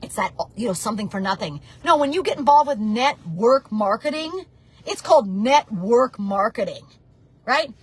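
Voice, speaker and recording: A woman's voice: sits high, slightly rough. A woman in her forties giving a fervent, preachy motivational talk about network marketing. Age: 40s. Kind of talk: motivational monologue.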